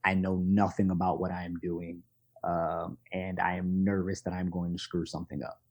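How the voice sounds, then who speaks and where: Low-voiced New man telling stories. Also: normal speed. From Brooklyn, New York. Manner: animated, candid, self-deprecating. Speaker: podcast guest. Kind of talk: conversational storytelling.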